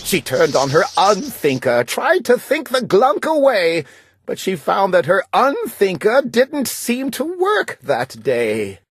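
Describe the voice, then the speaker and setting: Slow, sing-song woman reading a story. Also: mid-range voice, huge pitch swings, husky, no room sound.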